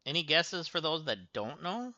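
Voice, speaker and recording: A man's voice: fairly high pitch, big pitch swings, moderate pace, sharp tone, no room sound, lo-fi sound. A man livestreaming a game, chatting and thinking aloud as he plays. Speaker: streamer.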